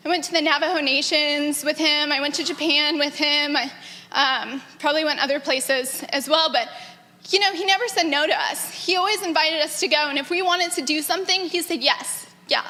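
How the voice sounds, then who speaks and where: A woman in her thirties giving an earnest, animated personal testimony about her grandfather to a gathering, often breaking into laughter. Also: high-pitched. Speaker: granddaughter sharing memories. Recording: echoey hall.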